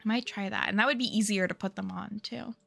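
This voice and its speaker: A woman's voice: medium pitch, fast talker, creaky, a bit bright, faint music behind. A young adult woman streamer in casual chat with her viewers, rambling, giggly and answering chat as she goes.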